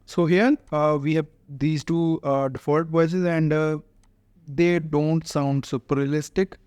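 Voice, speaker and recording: A man hosting a casual software walkthrough, chatty and explaining step by step with many "uh" fillers. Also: fairly high pitch, steady tone, unhurried, smooth, no echo. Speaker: tech tutorial host.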